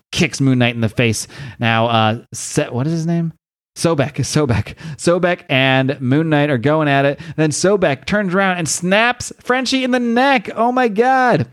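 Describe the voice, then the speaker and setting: A man hosting a comics podcast, casually recapping a story and acting out the dialogue in raised, excited voices. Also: no room sound, studio quality. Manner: acts out dialogue with high-pitched voices, swears casually. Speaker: podcast host.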